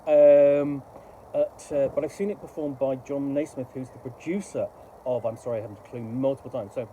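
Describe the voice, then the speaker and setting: A middle-aged man giving casual, rambling, halting commentary while unboxing a book. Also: medium pitch, fairly even intonation, dark tone, a little hiss or hum, rough recording.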